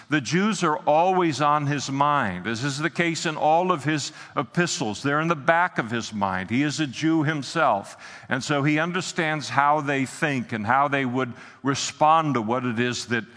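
Guy preaching a sermon, bright forceful voice, lots of uh's and restarts, big echoey hall. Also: medium pitch. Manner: earnest, with frequent filler sounds and restarts. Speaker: pastor.

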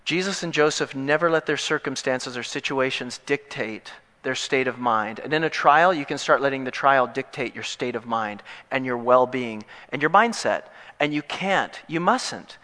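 Animated preacher in a reverberant hall. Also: male voice, mid-range voice, moderate pace. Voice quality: animated and joking, with wide swings between loud and hushed. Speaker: pastor. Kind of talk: sermon.

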